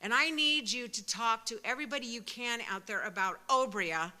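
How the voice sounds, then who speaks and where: A woman in her sixties giving an impassioned speech at a pro-life event, fervent and emphatic, rising to loud peaks. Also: a little high, normal speed. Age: 60s.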